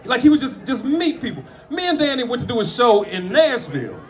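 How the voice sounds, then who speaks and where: High, lively man telling stories to a crowd. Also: brisk. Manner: animated, profane, bursts into shouts. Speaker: comedian speaking at a friend's memorial. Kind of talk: storytelling eulogy with jokes. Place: room with a gathered audience.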